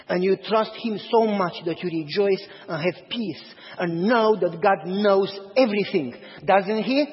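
A man's voice: sits high, breathy edge. A man preaching a sermon as a pastor, telling stories and acting out the dialogue in them. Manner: animated storyteller, acts out dialogue. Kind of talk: sermon with storytelling. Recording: dull audio, long hall reverb.

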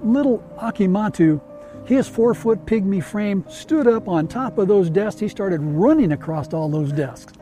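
A man hosting a talk show, telling a story in casual chat with animated, emphatic repetition that builds suspense. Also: high voice, unhurried, faint music behind. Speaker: radio show host.

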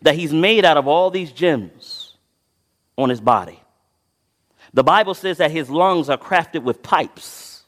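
A man preaching a sermon, his voice sitting a little high for a man and carrying a long reverb tail through a large sanctuary. He reads scripture with dramatic swells and sudden drops in volume. He keeps throwing questions out to the congregation, then answering them himself. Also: animated, slow pace, fairly bright tone.

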